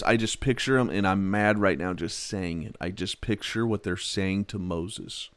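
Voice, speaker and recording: A man preaching a sermon, animated, swinging from loud outbursts to quiet, low passages. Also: normal speed, dry recording, clean studio sound. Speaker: pastor.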